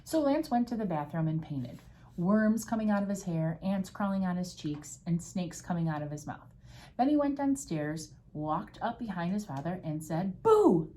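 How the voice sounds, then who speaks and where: A woman from a school staff reading a Halloween storybook aloud with an expressive delivery. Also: lowish voice, normal speed.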